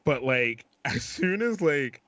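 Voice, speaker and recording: A man co-hosting a casual podcast, telling halting, self-deprecating anecdotes. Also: medium pitch, sing-song, a bit bright, highs cut off, slight background noise. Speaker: podcast co-host.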